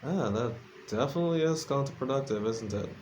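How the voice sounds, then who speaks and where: A man's voice: mid-range voice, lively intonation, a little fast, darkish tone, slight background noise. A sleepy man rambling casually in a late-night vlog, self-deprecating and full of fillers and restarts. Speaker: vlogger. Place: his room at home.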